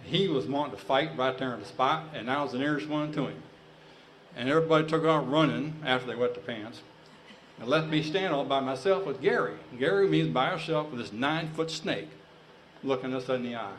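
A man with a drawl tells a tall tale to an audience in a folksy, rambling way. His voice sits at an ordinary middle pitch. A faint hiss runs underneath. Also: a little fast, rough recording. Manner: folksy, drawling, building to excited shouts. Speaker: storyteller.

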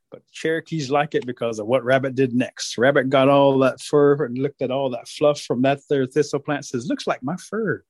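A man telling a traditional folk tale as a storyteller, animated and drawn out. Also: a little high, no room sound. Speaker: Cherokee storyteller.

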